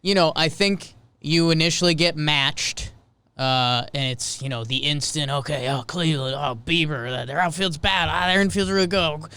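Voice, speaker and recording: A man's voice: a little high, normal speed, bright, forceful tone, smooth. A man co-hosting a casual sports podcast, upbeat and rambling with fillers as he talks through the game ahead. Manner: upbeat, rambling, hype-prone. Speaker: podcast co-host. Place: podcast studio.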